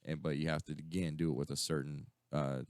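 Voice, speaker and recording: With an extremely low, darkish, smooth voice, the co-host speaks fairly quickly and flatly. His part of the casual radio chat is rambling and profane, thick with fillers and restarts, captured in studio quality without echo.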